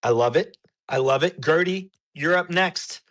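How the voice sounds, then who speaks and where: A man hosting an online audio chat, brisk and upbeat as he moves callers along. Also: a little high, fairly bright tone. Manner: brisk, upbeat, keeps things moving. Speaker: host.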